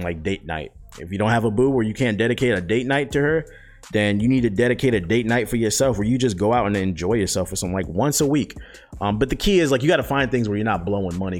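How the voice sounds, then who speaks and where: A man in his twenties answering viewer questions in a loose, profane, slangy way with lots of fillers. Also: on the low side. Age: 20s. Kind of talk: casual chat.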